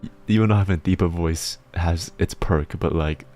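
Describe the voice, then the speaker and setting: Very deep-voiced man chatting on stream. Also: normal speed. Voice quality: deep bass voice. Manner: relaxed, chuckles often, frequent restarts. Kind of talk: casual chat with chat readers.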